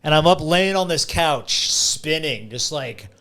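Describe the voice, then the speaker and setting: Animated male storyteller. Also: fairly high pitch. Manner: animated, vivid storyteller who often slows down for effect. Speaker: podcast guest. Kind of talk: casual storytelling chat.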